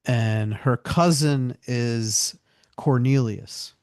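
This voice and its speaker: A man's voice: medium pitch, extremely slow, a little mellow, smooth, dry recording. A man with an ordinary mid-range voice chats loosely on a podcast. His sentences wander and fill up with little verbal fillers. The recording is dry and close-miked. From United States. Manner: loose, rambling talk full of "like" and "you know". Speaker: podcast co-host. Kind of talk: casual chat.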